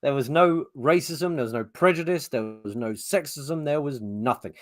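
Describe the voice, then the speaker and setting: A man's voice: on the high side, moderate pace, no echo, studio quality. An English man co-hosting a podcast, telling casual stories in a chatty way with the odd swear word. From England. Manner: chatty storyteller, swears freely. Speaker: podcast co-host. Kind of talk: casual chat. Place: podcast setup. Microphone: podcast mic.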